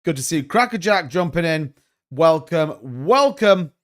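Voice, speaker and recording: A man's voice: on the high side, animated, measured pace. A man hosting a crypto livestream, chatting casually and greeting viewers by name.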